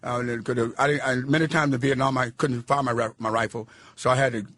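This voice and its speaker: A man in his sixties, a guest on a talk radio show, speaking loudly, roughly and emphatically as he preaches his views. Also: mid-range voice, fairly even intonation, quick pace, no room sound. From United States. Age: 60s.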